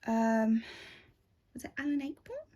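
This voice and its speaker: A woman's voice: on the high side, big pitch swings, a little slow, mellow, highs cut off. Woman, casual craft-vlog chatter, rambling asides, phone mic. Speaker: craft vlogger. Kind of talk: casual chat while stitching.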